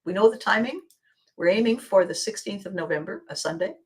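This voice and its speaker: A woman hosting her own podcast, speaking a reflective motivational monologue with slow, deliberate phrasing and drops into near-whispers. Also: medium pitch, lively intonation. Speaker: podcast host.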